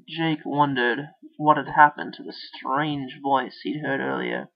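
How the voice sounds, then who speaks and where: A man's voice: medium pitch, fairly even intonation, slow pace, vocal fry. Man reading a story on a dull recording. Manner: voices characters with raised, louder dialogue. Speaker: narrator.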